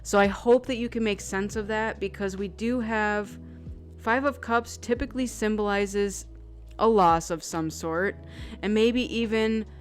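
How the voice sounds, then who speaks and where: Slow, effusive woman tarot reader. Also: mid-range voice. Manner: effusive and emotional, many "like" fillers. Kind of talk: intuitive tarot reading vlog.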